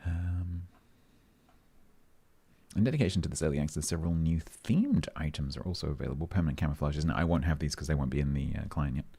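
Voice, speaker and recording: A very deep, dark-toned man talks casually into a desk mic as he streams, reading update notes aloud and breaking off to joke with his chat. His voice is husky and mellow. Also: a little fast. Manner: chatty, jokey, reads aloud and breaks off to answer chat.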